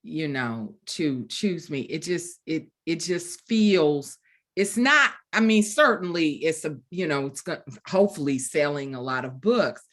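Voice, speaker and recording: A woman in her fifties from the Deep South, telling a story as an author guest, acting out the dialogue and laughing often. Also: expressive, measured pace, fairly bright tone. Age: 50s. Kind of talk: storytelling in a virtual book event chat.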